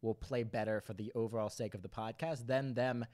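A man talking as a guest on a podcast, laying out his opinions in a measured way. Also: medium pitch, fairly even intonation, darkish tone. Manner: measured, gives opinions in full sentences. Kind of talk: casual podcast chat.

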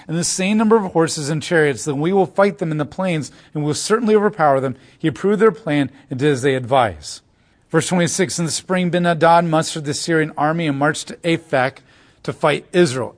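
A man preaching verse by verse through a Bible passage, acting out the quoted lines as he explains them. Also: a little high. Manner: animated, dramatizes quotes. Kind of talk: expository Bible teaching. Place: room with a wall map.

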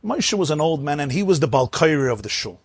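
A man telling an animated religious story, acting out the people in it. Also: on the high side, fast talker, husky, no room sound. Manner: animated, acts out the characters.

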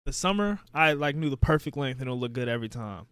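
A young man co-hosting a podcast in casual chat, with a relaxed, trailing-off delivery. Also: medium pitch, fast, smooth, no room sound, studio quality. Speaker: podcast co-host.

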